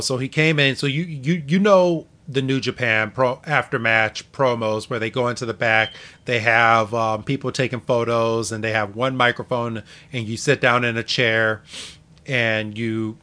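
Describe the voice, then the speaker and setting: A man's voice: medium pitch, bright, forceful tone. A man co-hosting a casual podcast chat, animatedly retelling a story and acting out quotes. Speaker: podcast co-host.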